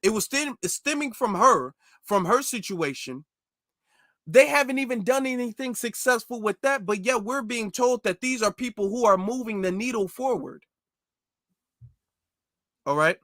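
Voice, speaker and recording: Man, high bright voice, dry close sound, critical commentary, emphatic. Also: expressive, normal speed, no room sound. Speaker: commentary video host. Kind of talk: reaction commentary.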